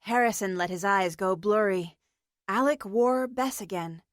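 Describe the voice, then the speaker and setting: Slow, measured female audiobook narrator. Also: medium pitch, no echo, studio quality. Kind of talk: scripted narration.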